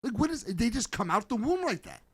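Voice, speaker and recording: Brief: high, lively American male co-host, mocking banter. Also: a little fast, slightly rough, no echo. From United States. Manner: animated, mocking, loud bursts. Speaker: podcast co-host. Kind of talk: casual comedic banter.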